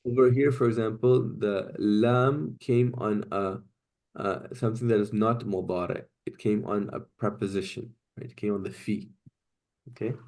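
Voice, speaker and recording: His voice is lowish, steady, and darkish as he teaches Quranic Arabic. He patiently works through grammar, frequently checks with "right?" and "okay?", and recites verses rapidly.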